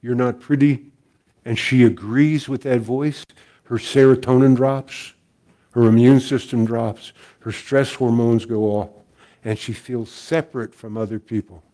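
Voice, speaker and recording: Older guy preaching, gentle storyteller, says things twice, mellow tone. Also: mid-range voice, steady tone, measured pace. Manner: folksy, gentle, repeats key phrases. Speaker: guest speaker and minister. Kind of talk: sermon storytelling.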